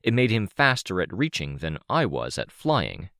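A man reading first-person fiction aloud as an audiobook narrator, measured and vivid. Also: low-pitched, huge pitch swings, gravelly, a bit bright, no room sound, studio quality.

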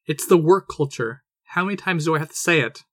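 A man's voice: on the high side, animated, a little fast, dry recording, clean studio sound, pitched above the performer's own voice. A man voicing an angry, defensive woman. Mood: pleading, angry. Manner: raised, sharp delivery. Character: upset adult woman, defensive and quick to anger.

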